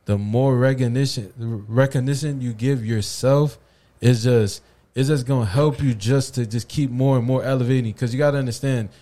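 A man co-hosting a podcast in loose, slangy talk. His voice is dark and mellow, and he gives advice like a friend who has been through it. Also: mid-range voice, fairly even intonation, moderate pace. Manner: slangy, preachy motivational talk. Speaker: podcast co-host. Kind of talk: casual chat.

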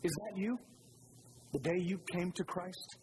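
A pastor preaching a sermon with animated delivery, asking the congregation rhetorical questions. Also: male voice, high-pitched, a little slow. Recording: noisy recording.

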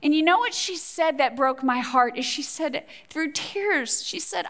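A woman's voice: sits high, expressive, unhurried, few pauses, fairly bright tone. A middle-aged woman giving a conversational, earnest teaching talk at a women's conference, telling stories and asking the audience questions. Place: conference hall before a live audience.

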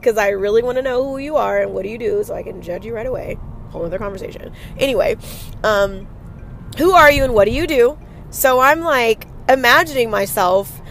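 A woman hosting a solo motivational podcast, talking in an energetic, emphatic and casual way with some swearing. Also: medium pitch, slight background noise. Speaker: podcast host.

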